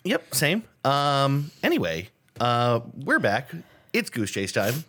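A man's voice: mid-range voice, wildly swooping pitch, takes it slowly, a bit bright. A man in his thirties co-hosting a podcast in casual chat, laid-back and self-deprecating. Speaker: podcast co-host.

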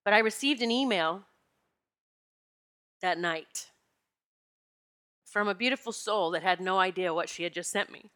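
A woman's voice: mid-range voice, measured pace, pauses often, pushed and bright. A woman hosting a personal spiritual talk, telling her story candidly and with feeling, laughing at times. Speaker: podcast host and retreat leader. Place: Pennsylvania home.

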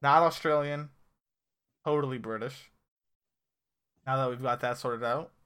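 A podcast co-host casually recaps a TV episode, rambling, correcting himself and laughing often. He speaks at a measured pace, medium in pitch, with a clear, resonant and fairly bright tone.

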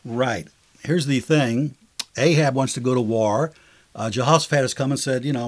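Male Bible-study co-host, middle pitch, easygoing explainer with fillers and playful asides. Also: moderate pace. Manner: explains scripture conversationally, acts out sarcastic lines with fillers. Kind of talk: casual Bible discussion.

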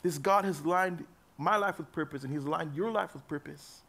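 A young man preaching to a youth group in an easygoing, chatty way, leaning on fillers as he talks. His voice sits a little high for a man, and he goes from loud, emphatic lines to soft, low asides. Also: normal speed, creaky. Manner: casual, conversational preaching with frequent fillers. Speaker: youth pastor. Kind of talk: sermon.

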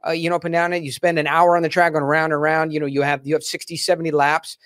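A man's voice: a little high, little pitch movement, rapid-fire, fairly bright tone, no echo, clean studio sound. Blunt, curious male interviewer. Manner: blunt, curious, casual swearing. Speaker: podcast host. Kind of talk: interviewing a guest.

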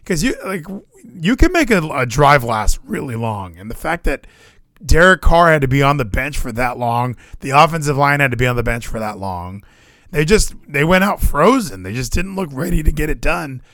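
A man's voice: mid-range voice, normal speed, dry recording, studio quality. A young man, co-host of a podcast, talking about his football weekend in casual chat, swearing and restarting often. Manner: animated, swears, frequent fillers and restarts.

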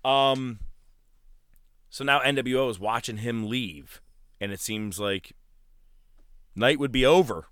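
A man co-hosting a podcast, telling wrestling stories in casual chat and loudly mimicking the wrestlers he describes. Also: mid-range voice, slow pace, long pauses, smooth, no echo, studio quality. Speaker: podcast co-host.

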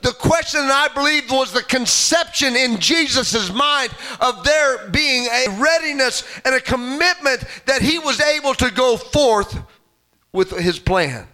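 A man preaching a sermon in a church, impassioned and building to shouts with frequent amens. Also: very high voice, animated, unhurried. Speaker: pastor.

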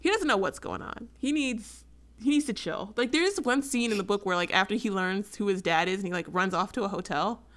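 A woman co-hosting a casual book chat, talking in a chatty, animated way full of fillers. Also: mid-range voice, brisk. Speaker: book podcast co-host.

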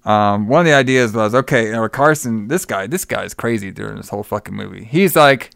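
A man's voice: lowish voice, expressive, a little fast, gravelly, few pauses, a bit bright, no room sound, studio quality. A man casually retelling a film plot, swearing freely and acting out the characters' lines. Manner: profane, rambling, acts out quoted lines. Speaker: podcast co-host recapping a film. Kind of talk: casual chat.

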